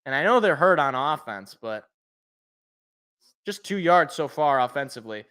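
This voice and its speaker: Bright-voiced man calling a game as a fan. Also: mid-range voice, animated, moderate pace, long pauses, clean tone. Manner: rambling, self-correcting, joking asides. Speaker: fan podcast co-host. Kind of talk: fan play-by-play and reaction.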